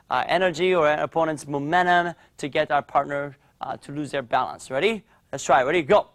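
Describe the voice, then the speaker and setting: A man teaching a kids' martial arts class, calling out drills with energy in a studio. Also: fairly high pitch. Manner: energetic coaching, calls out drills.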